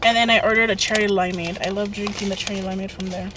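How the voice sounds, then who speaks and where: A young woman chats through a casual vlog in a bubbly, rambling way, her voice of middling height. She sits some way from the mic in a parked car, with an air conditioner humming clearly behind her. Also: mid-range voice, steady tone, fast talker, recorded from a distance, background noise. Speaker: lifestyle vlogger. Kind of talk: casual chatty vlog talk. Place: inside a parked car under a tree. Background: air conditioner running.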